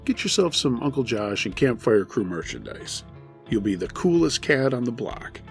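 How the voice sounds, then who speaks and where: Gravelly man narrating scary stories. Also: mid-range voice, very animated, faint music behind. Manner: measured storytelling, dry humor. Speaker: narrator and host. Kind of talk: scripted horror story narration.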